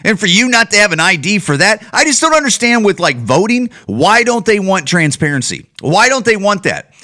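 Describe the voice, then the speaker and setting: Male comedian-host, blunt profane rant, bright voice that swings up and down a lot. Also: sits high, sing-song, moderate pace. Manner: repeats and restarts often. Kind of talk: casual ranting monologue.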